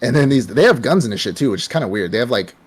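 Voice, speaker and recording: A man's voice: medium pitch, expressive, fast. A young man hosting a casual anime podcast, retelling a show in a rambling, profane way full of fillers. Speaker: podcast host.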